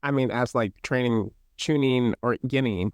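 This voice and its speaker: A man in a casual podcast conversation, warmly enthusiastic about anime and laughing lightly as he talks. His pitch is mid-range, and the sound is dry and close with no echo. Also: moderate pace, smooth. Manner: enthusiastic, chuckles, short agreeing replies. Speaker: podcast co-host.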